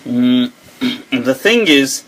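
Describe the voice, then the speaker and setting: A man hosting a live Q&A, talking in an animated way, quoting others and laughing often. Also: medium pitch, drawn-out words, rough recording. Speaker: host. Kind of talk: live Q&A talk. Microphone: webcam or phone on a live stream.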